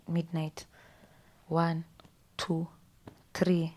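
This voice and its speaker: A young woman with a Kenyan accent, a podcast guest telling a personal story in a studio, often sinking into a breathy whisper. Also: on the low side, normal speed. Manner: often drops to a breathy whisper, switches between English and Swahili slang.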